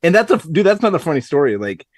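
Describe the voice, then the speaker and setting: A man's voice: fairly high pitch, very animated, rapid-fire, no echo, clean studio sound. A man hosting a podcast, telling a story animatedly and acting out quotes. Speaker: podcast host. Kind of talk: casual storytelling.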